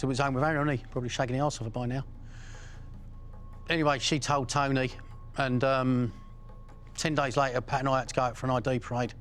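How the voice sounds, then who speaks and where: A middle-aged man with an Essex accent, bluntly recounting crime stories, swearing and restarting often. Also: medium pitch. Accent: Essex English. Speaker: interviewee.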